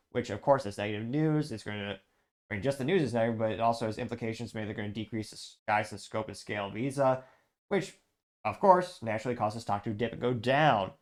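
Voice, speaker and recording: Male show host, mid-range voice, casual sarcastic political commentary. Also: mid-range voice. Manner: chatty, sarcastic asides, reads quotes.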